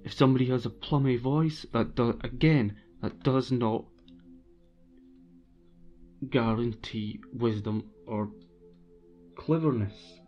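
A man's voice: medium pitch, takes it slowly, long pauses, mellow, highs cut off, faint music behind. A man streaming alone, talking in a casual, blunt and opinionated rant with frequent restarts. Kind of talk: casual ranting monologue.

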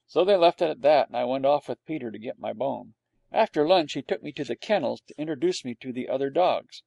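Brief: male audiobook narrator, mellow and gravelly, wry dry humor. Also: mid-range voice, lively intonation, a little fast, dry recording. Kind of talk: storybook narration as a dog.

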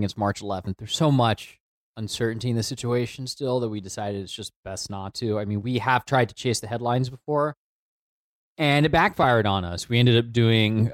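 A man's voice: fairly low pitch, no echo, studio quality. A man co-hosting a podcast, explaining the show's approach in an earnest, casual way. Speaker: podcast co-host.

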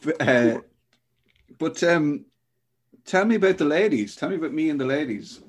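A man's voice: on the high side, expressive, normal speed. An Irish man hosting a podcast, talking hesitantly with many restarts. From Ireland. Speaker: podcast host. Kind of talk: casual podcast chat.

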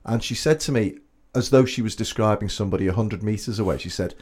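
A man co-hosting a casual podcast, with a fairly low voice. He tells anecdotes in a chatty, easygoing way. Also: fast talker, a little mellow. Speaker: podcast co-host. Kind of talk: casual chat.

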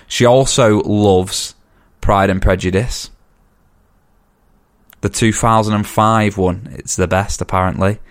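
Low-voiced young English podcast host. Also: male voice, fairly even intonation, slow, pauses often. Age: 20s. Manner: chatty, stumbles and repeats words. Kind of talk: casual chat.

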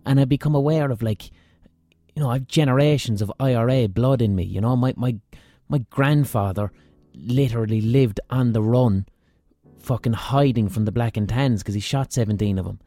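A man's voice: medium pitch, moderate pace, mellow, no echo. An Irish man hosting a podcast, telling a rambling, profane, self-mocking story in a casual monologue. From Ireland. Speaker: podcast host.

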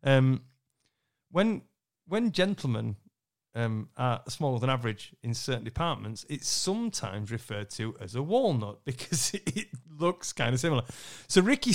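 A man's voice: medium pitch, moderate pace. Guy chatting on a podcast, voice jumps all over, keeps cracking up telling stories. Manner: animated storyteller, laughs often, acts out quotes. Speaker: podcast co-host, snooker MC. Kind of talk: anecdotal podcast chat.

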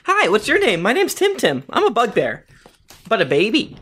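Woman playing a cute baby bugbear, chirpy and childlike, higher and louder than her own voice, tabletop game. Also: huge pitch swings, moderate pace, husky, exaggerated voice. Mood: cheerful. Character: baby male bugbear, small and friendly.

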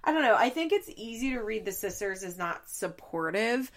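A woman's voice: mid-range voice, sing-song, normal speed. A woman chatting casually as she recaps a reality show. She swears freely, laughs often and says "like" a lot.

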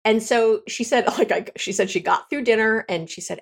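A woman relationship coach talking candidly on a podcast, conversational and quick to correct herself. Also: fairly high pitch, vocal fry, husky. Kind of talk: podcast monologue.

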